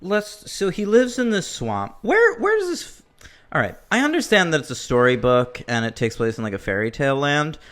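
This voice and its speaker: Lively bright-voiced man joking around. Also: on the high side, moderate pace. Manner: jokey, animated, crude humor. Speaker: podcast co-host. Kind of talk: casual chat.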